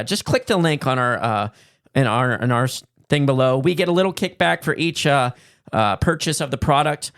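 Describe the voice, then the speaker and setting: A man's voice: on the high side, fairly bright tone, clean tone, dry recording, studio quality. A man co-hosting a podcast, chatting casually and riffing through a sponsor read with loose fillers. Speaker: podcast co-host.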